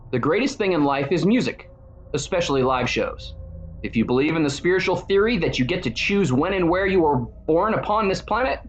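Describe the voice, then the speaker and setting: High-voiced wry man, muffled recording. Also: slight background noise. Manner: wry, irreverent, sardonic. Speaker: church founder and video host. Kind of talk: scripted monologue.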